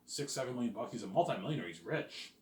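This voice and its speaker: A man's voice: medium pitch, expressive, quick pace. A man vlogging in a casual rambling monologue, full of fillers, restarts and the odd curse word. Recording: roomy echoing room.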